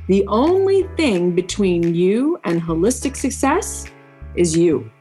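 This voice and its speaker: A woman's voice: medium pitch, darkish tone. A woman hosting a podcast, enthusiastic and motivational, reading an intro and then chatting with a guest. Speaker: podcast host. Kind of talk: upbeat podcast intro and interview.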